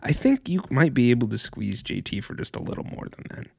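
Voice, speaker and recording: A man's voice: medium pitch, wildly swooping pitch, fairly quick, gravelly. A young man co-hosting a podcast, telling rambling stories in casual chat and laughing often. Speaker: podcast co-host.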